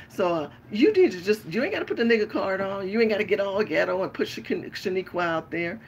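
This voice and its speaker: A woman's voice: mid-range voice, brisk, a little hiss or hum. Tired, blunt woman ranting late at night. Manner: profane, blunt, animated. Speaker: livestream host and pastor. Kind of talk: late-night livestream rant.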